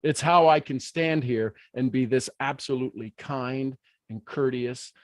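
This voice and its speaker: A middle-aged man hosting a live motivational stream, emotive and exuberant, moving between hushed intensity and excited outbursts. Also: mid-range voice, a little slow, no room sound. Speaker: motivational speaker hosting a livestream. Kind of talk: live motivational talk to an online audience.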